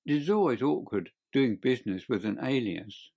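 A man reading an audiobook, voicing a calm, clever detective who speaks in a bland, measured way. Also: medium pitch, gravelly. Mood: composed.

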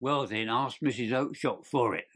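A blustering, short-tempered market salesman who barks and shouts in a raised, rougher voice, as an audiobook reader puts him on. His tone turns harder and unlike the reader's usual timbre. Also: mid-range voice, normal speed. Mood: angry. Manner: shouting, fierce. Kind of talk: audiobook character reading.

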